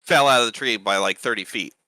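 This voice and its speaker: Game master, male, very bright tone, rambling casual narration, dry close mic. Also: lowish voice, fairly quick, dry recording. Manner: rambling, many fillers.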